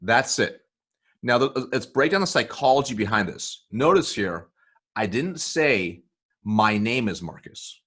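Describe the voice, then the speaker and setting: Husky guy breaking down sales calls, keeps saying okay? right?. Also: medium pitch, animated, measured pace, fairly bright tone. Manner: checks in often with "okay?" and "right?". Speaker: sales coach guest. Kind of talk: explaining in an interview.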